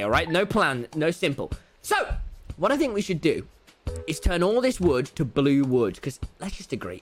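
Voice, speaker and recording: Brief: brash lad streaming from home, wildly swooping pitch, faint music underneath. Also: male voice. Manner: loud, boastful, jokey, often yelling and laughing. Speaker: live streamer. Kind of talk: excitable gaming livestream chat. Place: home room.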